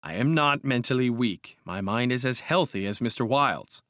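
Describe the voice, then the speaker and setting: A feverish, grandiose young gentleman , as a reader puts him on in an audiobook, his voice climbing high and loud as he boasts. The sound is dry and close. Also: lively intonation, normal speed, no room sound, lightly acted. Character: proud first-person narrator, feverish, grandiose, secretive man.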